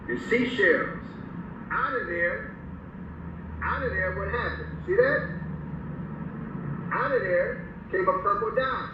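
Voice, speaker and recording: Male host, high and animated, far-off echoey dull audio, vehicle noise. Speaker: vlog host. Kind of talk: casual explaining to camera.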